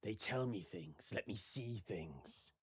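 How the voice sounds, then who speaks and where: A man voicing a cryptic old male marsh shaman who speaks slowly and solemnly. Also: fairly low pitch, lively intonation, breathy edge, heavily acted. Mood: ominous. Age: older.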